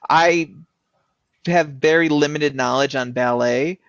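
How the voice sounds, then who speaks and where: A man co-hosting a podcast in casual chat, halting and often restarting his sentences. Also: on the high side, fairly bright tone, dry recording, highs cut off. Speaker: podcast co-host.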